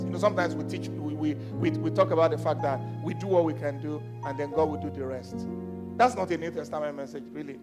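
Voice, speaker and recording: High gravelly preacher over soft music. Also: male voice, normal speed. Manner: swings from loud pleading shouts to quiet intense delivery. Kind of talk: sermon.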